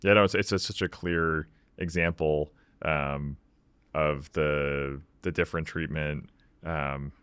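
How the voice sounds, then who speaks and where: Guy hosting a podcast, super deep voice, kinda halting, dry close mic. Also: fairly even intonation, fairly bright tone, clean tone, no room sound. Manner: thoughtful, halting with restarts. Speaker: podcast host. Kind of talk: podcast interview.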